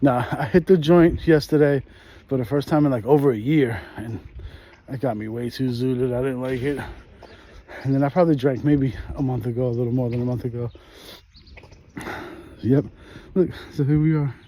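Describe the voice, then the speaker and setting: A man's voice: mid-range voice, steady tone, normal speed, pauses often, warm tone. A man in his thirties with a New York accent, rambling casually in slang while walking down a residential street and filming on a phone. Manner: laid-back slangy rambling, laughs often. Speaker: vlogger host. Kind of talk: casual walk-and-talk chat.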